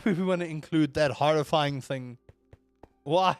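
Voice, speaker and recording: Young male streamer with a fairly high voice, rambling and swearing while he chats over gameplay. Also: measured pace, faint music behind. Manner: rambling, swears, answers chat and reacts to the game. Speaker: livestreamer. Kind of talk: casual gaming stream chat.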